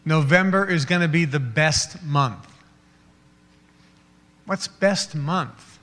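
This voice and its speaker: A man's voice: fairly high pitch, expressive, slow pace, a bit bright, in a large hall. A man giving a motivational seminar talk, acting out little scenes in quoted voices and laughing along with them. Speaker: motivational speaker.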